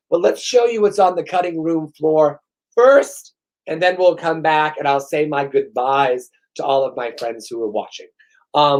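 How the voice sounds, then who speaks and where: Sarcastic, profane male comedy host. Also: a little high. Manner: profane, sarcastic, self-mocking. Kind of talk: rambling comedic monologue.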